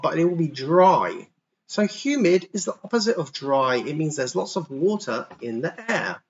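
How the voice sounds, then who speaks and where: A man teaching English to young children online, explaining words patiently and sounding them out slowly and clearly. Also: sits high, highs cut off, a little hiss or hum. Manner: patient, slow, over-articulated pronunciation demos. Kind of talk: online class for kids.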